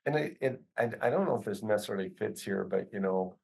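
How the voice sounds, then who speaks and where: A man's voice: on the low side, fast talker, vocal fry, darkish tone, poor audio. A man, a business owner as guest, talking casually with many "you know" fillers. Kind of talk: casual conversation.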